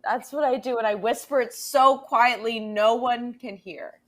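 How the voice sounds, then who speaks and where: A woman's voice: a little high, steady tone, measured pace. A woman playing in a casual tabletop role-play, with a playful, giggly manner. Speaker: player.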